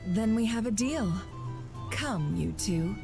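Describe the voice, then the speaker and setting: Sly lady gambler, slow and teasing, lilting voice, game music behind. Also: mid-range voice, lively intonation. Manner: smooth, teasing, unhurried. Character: sly, composed female gambler and hostess.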